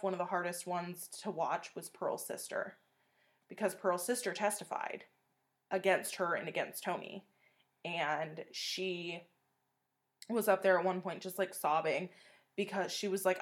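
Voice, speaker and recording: A woman co-hosting a true-crime podcast in casual chat, animated and swearing often as she recounts details of a case. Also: lowish voice, moderate pace. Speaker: podcast co-host.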